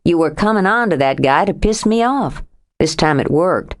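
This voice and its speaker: A woman narrator voicing a stubborn, jealous young man who speaks low and coaxing. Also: lively intonation, normal speed, natural voice. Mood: jealous, firm.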